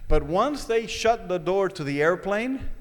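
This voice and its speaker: High-voiced man telling a lively story. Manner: animated, dramatic retelling with vivid pauses. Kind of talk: personal story told to an audience. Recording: echoey hall.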